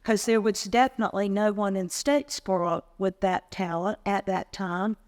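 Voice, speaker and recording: A woman's voice: medium pitch, steady tone, normal speed, darkish tone. Woman interviewer asking follow-ups. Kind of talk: conversational interview.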